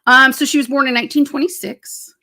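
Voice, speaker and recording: Gravelly chatty female co-host. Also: high-pitched, steady tone, sharp tone. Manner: chatty, teasing, quick asides. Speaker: co-host, teacher. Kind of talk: casual chat.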